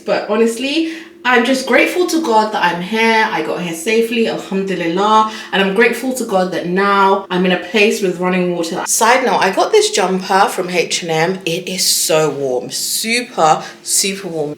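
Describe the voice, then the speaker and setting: Young woman, travel vlogger, chatty and exasperated; echoey hotel room, camera mic. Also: medium pitch. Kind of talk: casual vlog chat. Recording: echoey room, faint background ambience.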